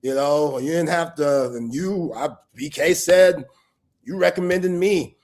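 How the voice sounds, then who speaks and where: A man's voice: fairly high pitch, unhurried, darkish tone. A man hosting a sports talk livestream, speaking in a heartfelt, loose and rambling way full of street slang. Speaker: sports talk show host. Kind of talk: casual livestream chat.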